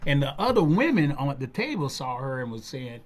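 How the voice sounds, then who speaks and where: A man hosting an interview, telling stories in an animated way and laughing often. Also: mid-range voice, fairly quick. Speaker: host. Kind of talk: casual interview storytelling.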